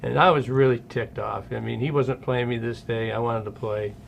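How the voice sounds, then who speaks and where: A man in his sixties, a former ballplayer hosting an interview, telling lively stories from his playing days. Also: medium pitch, normal speed, vocal fry, muffled recording, slight background noise. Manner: animated storyteller who acts out quotes. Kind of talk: storytelling interview chat.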